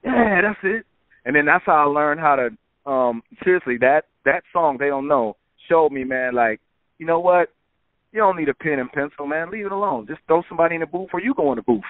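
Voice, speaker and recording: A man guest telling relaxed stories about making records, filling his talk with "man" and "you know". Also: fairly high pitch, brisk, dry recording. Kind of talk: casual interview storytelling. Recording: phone-like narrow sound.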